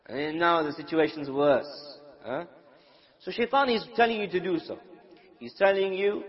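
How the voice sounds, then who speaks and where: A man's voice: on the high side, normal speed, big-room sound. A man from the UK giving an Islamic lecture, asking his audience questions and acting out everyday quarrels. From United Kingdom. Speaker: Islamic preacher. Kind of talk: religious lecture to a live audience. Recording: dull lo-fi recording.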